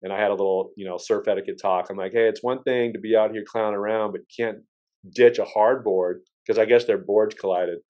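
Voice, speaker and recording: This podcast host speaks quickly in a fairly low, dark voice with fairly even intonation, and the recording sounds muffled. His casual chat wanders through stories, full of restarts and the occasional swear word.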